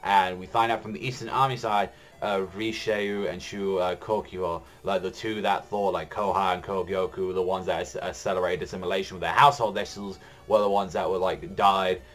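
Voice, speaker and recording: Man, low voice, casual manga review, rambling, lots of fillers, swearing, faint music behind. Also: little pitch movement, normal speed.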